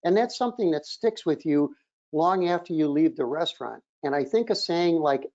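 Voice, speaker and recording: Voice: medium pitch, expressive, normal speed, darkish tone, muffled recording. An auto repair shop trainer giving a webinar presentation in an instructive, emphatic way, often opening a point with "look".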